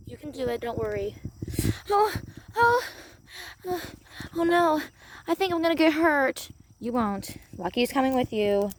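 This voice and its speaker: A woman narrating a playful doll role-play in an excitable voice, gasping and exclaiming as she goes. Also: high voice, unhurried, long pauses, a little hiss or hum.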